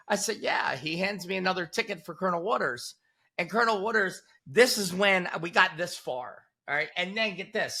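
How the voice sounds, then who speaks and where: A man in his forties tells a story as an interview guest, with a voice that sits a bit high for a man. He sounds bright and forceful. He keeps it casual and punchy, hitting the beats with "boom.". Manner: animated, punchy storyteller who drops "boom" for emphasis.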